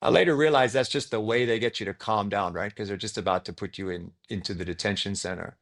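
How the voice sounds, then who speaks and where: A young Australian man, a guest on a podcast, tells his story in a loose, rambling way packed with "likes" and "ums." His voice sits on the low side with vocal fry and a fairly bright tone, and he talks quickly. It's casual storytelling within an interview.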